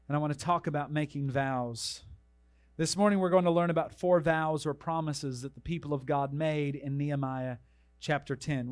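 A male pastor preaching a sermon, reading long name lists with asides and telling a joke story with lively delivery. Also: a little high, no echo.

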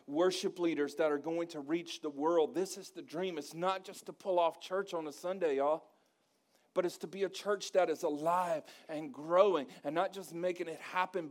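A male pastor preaching a sermon, folksy and joking, calling for responses from the congregation. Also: a little high. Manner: rising to loud emphatic preaching with call-and-response.

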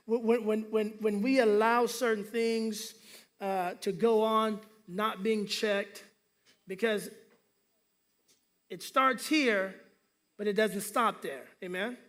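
A man's voice: sits high, steady tone, slow pace, fairly bright tone. A male pastor preaching a sermon, telling humorous stories and calling for responses from the congregation.

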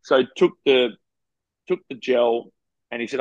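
An Australian professional cyclist, speaking in a mid-range voice at an unhurried pace, frankly recounts race stories in a casual, rambling interview full of quoted dialogue. The audio is dull, with no room sound.

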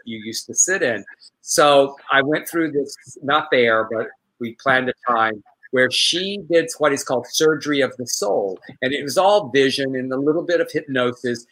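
A man co-hosting a talk show, chatting casually and telling a personal story with animated quoted voices. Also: mid-range voice, low-quality recording. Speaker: co-host.

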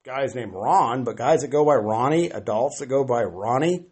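This middle-aged podcast guest rambles through casual chat, poking fun at himself and restarting hesitantly again and again. His medium-pitched voice is expressive, husky and a little mellow, moving at a normal speed.

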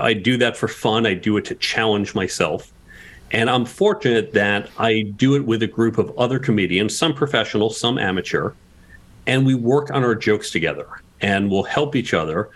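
A man guest on a podcast interview, explaining communication tips and asking rhetorical questions as he goes. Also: medium pitch.

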